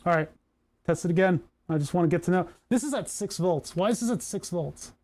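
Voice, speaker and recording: A man's voice: high voice, animated, fairly quick, darkish tone. A man who streams on Twitch, chatting casually to himself while tinkering at his workbench, grumbling and joking.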